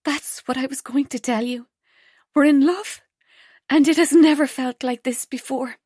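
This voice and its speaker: A woman's voice: sits high, moderate pace, a little mellow, no room sound, clean studio sound, pitched above the performer's own voice, natural voice. A woman voicing Rose, an eager young woman in love. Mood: excited.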